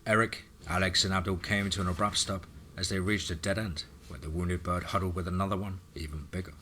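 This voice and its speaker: Deep-voiced male horror narrator. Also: a little fast, slight background noise. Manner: dramatic, steady storytelling.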